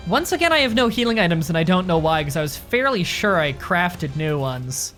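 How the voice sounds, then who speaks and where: A woman's voice: fairly low pitch, big pitch swings, a little fast, a bit bright, faint music behind. A woman streamer chatting casually while gaming with friends, a rambling storyteller who swears freely. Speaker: streamer playing a hunting game with friends.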